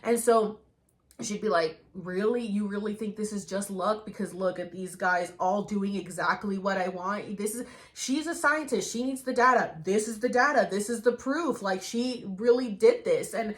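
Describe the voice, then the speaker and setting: A woman's voice: mid-range voice, moderate pace. Enthusiastic woman podcast host. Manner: enthusiastic, talks over guest, frequent restarts. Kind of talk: casual chat.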